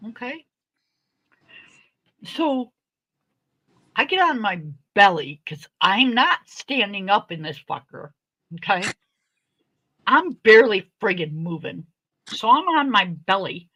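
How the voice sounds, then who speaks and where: A woman's voice: medium pitch, slow pace, long pauses, dry recording, rough recording. A middle-aged woman hosting a casual chat, telling a story with lots of laughter and free swearing. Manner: animated, laughing often, swearing freely. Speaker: host.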